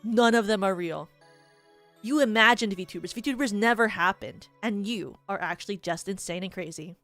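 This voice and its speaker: At normal speed and in a mid-range, fairly bright voice, a woman streamer rambles through casual hypotheticals as a VTuber. She giggles frequently and leans heavily on "like," while faint music plays in the background.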